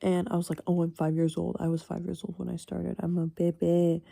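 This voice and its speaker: A young woman of eighteen chats alone late at night, rambling and blunt, with plenty of swearing and small laughs. Her voice sits fairly low with a heavy vocal fry and a very mellow, dark tone. The sound is dry and close, with no room around it. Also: completely flat delivery, brisk, no room sound. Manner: rambling, frank, swears freely, chuckles often. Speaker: university student. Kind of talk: casual late-night solo chat.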